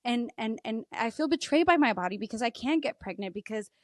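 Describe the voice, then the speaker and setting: In a candid podcast interview, this thirtysomething woman speaks expressively and fairly quickly, emotional and open. She laughs a lot and voices her own thoughts in a higher pitch; the studio-quality audio has no room sound.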